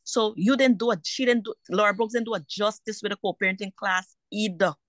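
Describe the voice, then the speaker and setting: A woman's voice: medium pitch, fairly even intonation, fairly quick, fairly bright tone, dry recording. A woman, a mother caught in a custody dispute, telling her story in a heated, indignant way and repeating herself for emphasis. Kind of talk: emotional personal account.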